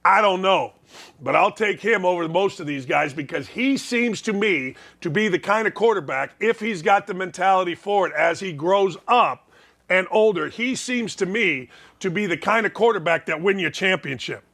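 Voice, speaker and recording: Brash sports host, bright edge, high voice, stuffy. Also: male voice, expressive, moderate pace, creaky. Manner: brash, folksy, emphatic with repetition. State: congested, sneezing. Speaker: sports talk show host. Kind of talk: opinionated sports talk monologue.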